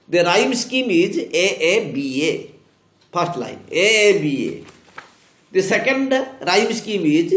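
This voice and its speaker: A high, lively male voice with an Indian English accent, teaching slowly and spelling points out again and again. He repeats every key phrase to drive it home, and the recording has the echo of a bare room. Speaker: literature teacher. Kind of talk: classroom lecture on poetry. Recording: echoey room.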